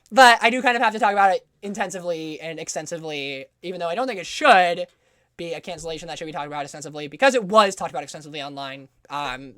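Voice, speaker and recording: A woman's voice: on the low side, no room sound, studio quality. A woman hosting a casual podcast, telling a story with lots of swearing and sarcasm. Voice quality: profane, sarcastic, animated storyteller. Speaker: podcast host. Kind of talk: casual chat.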